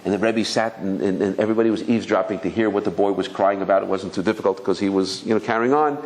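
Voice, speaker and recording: A man's voice: lowish voice, fast talker. A man in his fifties, a rabbi giving a Torah talk, telling stories with lots of restarts and acting out the voices. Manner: animated storyteller, acts out voices, many restarts.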